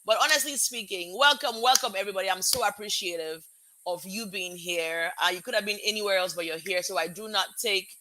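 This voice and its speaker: A woman hosting her own live-streamed show in casual chat, bubbly and excitable, greeting viewers one by one from home. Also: mid-range voice, a little fast, noisy background. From Africa. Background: music playing.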